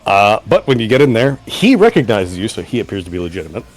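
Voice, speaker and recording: A man running a tabletop game as game master, laid-back, laughing often and slipping into quick character voices. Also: lowish voice, big pitch swings, soft background music.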